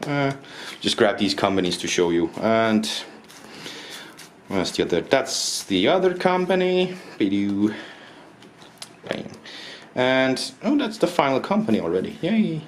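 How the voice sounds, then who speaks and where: A man's voice: medium pitch, big pitch swings, unhurried, long pauses. A man, a board game reviewer rambling casually through the rules and his opinions, often restarting his sentences. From Denmark. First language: Danish. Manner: rambling, restarts often, self-deprecating asides. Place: indoors at a table. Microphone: camera mic, self-recorded. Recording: roomy echo, faint background noise.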